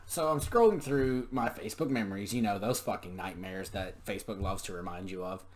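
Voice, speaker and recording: A man's voice: lowish voice, fairly quick. Profane young man ranting a story. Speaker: podcast storyteller. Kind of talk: casual storytelling monologue.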